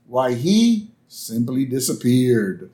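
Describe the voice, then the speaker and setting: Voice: mid-range voice, sing-song, takes it slowly, warm tone. A podcast host voicing a fussy male school principal in a stiff, officious tone.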